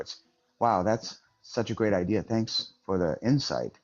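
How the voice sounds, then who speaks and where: Low, gravelly, sarcastic man, lo-fi audio. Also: animated, a little slow, a little mellow. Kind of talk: casual live-stream chat. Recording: dull lo-fi audio with faint music.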